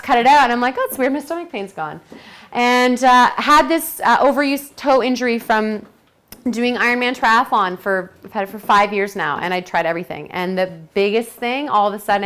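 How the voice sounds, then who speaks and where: A woman's voice: mid-range voice, fairly bright tone, smooth. A woman presenting a detox program to a group, talking chattily and enthusiastically and acting out her own quotes.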